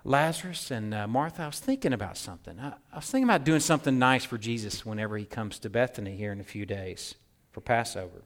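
A man's voice: medium pitch, expressive, quick pace, voice pushed down, close to an everyday voice. A man voicing a hopeful, extravagant biblical woman who speaks tentatively in a sermon retelling.

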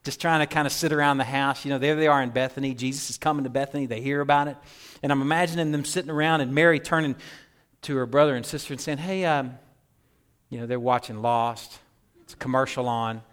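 A man preaching a sermon, storytelling animatedly and swinging from hushed to loud. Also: mid-range voice, fairly even intonation, fast talker. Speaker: pastor.

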